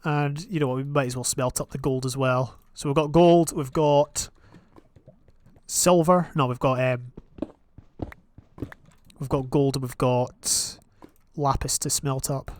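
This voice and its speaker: A young man giving casual, rambling commentary on his own gameplay, with sudden excited outbursts. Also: medium pitch, measured pace, pauses often. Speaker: gaming channel host.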